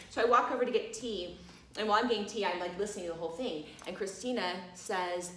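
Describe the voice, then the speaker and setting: A woman's voice: medium pitch, quick pace, a little hiss or hum. A woman teaching at a massage college, telling a story casually with lots of fillers and bursts of laughter. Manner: animated, laughing, many fillers like "you know". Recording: echoey room.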